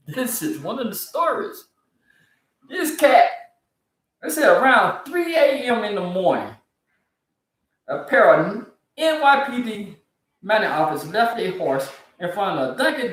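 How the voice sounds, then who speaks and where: Echoey incredulous news ranter. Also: medium pitch. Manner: incredulous, ranting, laughs often. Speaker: commentator reading news stories. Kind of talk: casual comedic news commentary. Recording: very echoey, from far off the mic.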